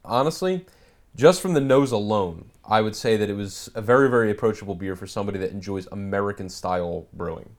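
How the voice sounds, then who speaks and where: A man's voice: on the low side, fast. A man chatting casually and enthusiastically as a podcast co-host tasting beers, rambling and joking. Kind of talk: casual beer-tasting chat.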